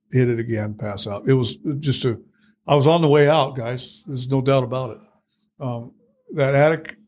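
A man's voice: medium pitch, darkish tone. A middle-aged man telling his own story in conversation, blunt and plainspoken, full of fillers and restarts. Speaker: guest.

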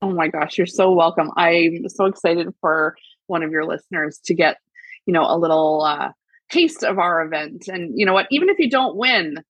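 A middle-aged woman telling a story as a podcast guest, casual and animated, acting out quotes. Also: moderate pace, no echo, rough recording. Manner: animated, acts out quotes with big pitch jumps. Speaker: guest, crafting TV personality.

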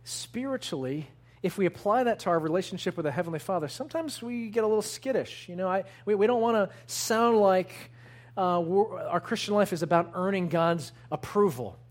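Earnest man preaching a sermon. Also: high-pitched. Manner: earnest, emphatic preaching with slow deliberate stresses. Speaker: pastor.

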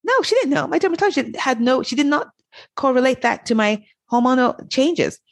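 A middle-aged woman with a slightly husky, breathy voice tells her story to an interviewer, her pitch leaping up and down as she plays out every exchange. The sound is dry and close. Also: brisk, dry recording. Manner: animated, acts out dialogue in her stories. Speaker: guest, author. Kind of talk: candid conversational storytelling.

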